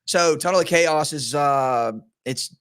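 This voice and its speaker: A man's voice: on the high side, slow pace, fairly bright tone, smooth. A man hosting a sports betting podcast in casual chat, rambling and laughing often, his voice strained today.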